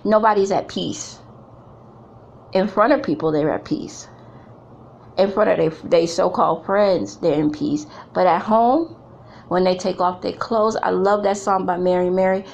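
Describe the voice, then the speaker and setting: Blunt, gravelly-voiced middle-aged woman. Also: lowish voice, unhurried, a little mellow, highs cut off, a little hiss or hum. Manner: emphatic, preachy, blunt slang. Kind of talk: candid talk to women.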